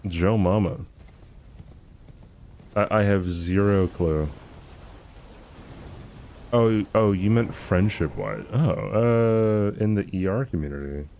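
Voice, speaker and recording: A man's voice: fairly low pitch, slow pace, long pauses, darkish tone, a little hiss or hum. A man streaming and answering his chat in a laid-back, slangy, rambling way at a home streaming mic.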